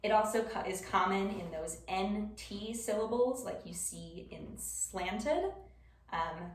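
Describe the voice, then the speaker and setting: A woman's voice: medium pitch, takes it slowly. A young woman with a Wisconsin accent giving a casual class presentation, chatty and informal with frequent ums. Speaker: student presenter. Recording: roomy classroom from far off.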